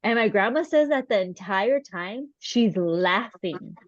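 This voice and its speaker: A woman's voice: medium pitch, a little slow, no room sound, highs cut off. A woman podcast co-host telling a family story in casual chat, acting out the voices of the people in it. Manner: animated, acts out quoted voices.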